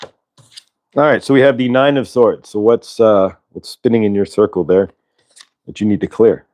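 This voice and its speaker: A man's voice: fairly low pitch, fairly even intonation, a little mellow. Rambling man hosting a spiritual livestream. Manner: rambling, halting, many fillers and restarts. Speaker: channeler and show host. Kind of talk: casual spiritual livestream chat.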